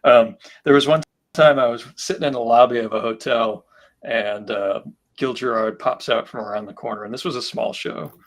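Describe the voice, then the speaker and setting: A man's voice: mid-range voice, steady tone, normal speed. A middle-aged man chatting casually on a live stream, telling long convention anecdotes with lots of fillers. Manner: rambling anecdotes with many fillers. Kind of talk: casual chat.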